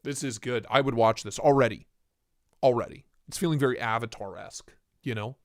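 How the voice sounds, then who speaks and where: A man's voice: mid-range voice, a little fast, dry recording, clean studio sound. A man hosting a casual livestream, joking and reading chat aloud in a playful way. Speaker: livestream host.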